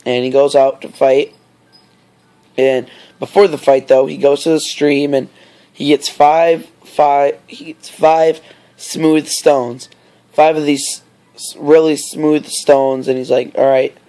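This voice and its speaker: A man casually retells a story at a slow, unhurried pace, wandering into fillers and side comments as he goes. His voice sits slightly high for a man. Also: flat delivery, mellow. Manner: rambling, many fillers and asides.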